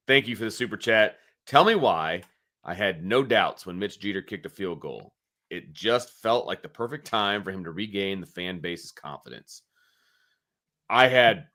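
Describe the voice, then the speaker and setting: A man's voice: on the low side, sharp tone. A man co-hosting a post-game sports show, talking casually and plainly about the game. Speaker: podcast co-host.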